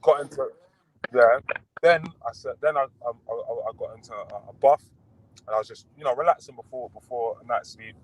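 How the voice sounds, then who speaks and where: A young man talks over a video call, relaxed and rambling, full of fillers and false starts. His voice sits at a middling pitch in a dry, close recording. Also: no room sound, poor audio. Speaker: guest boxer.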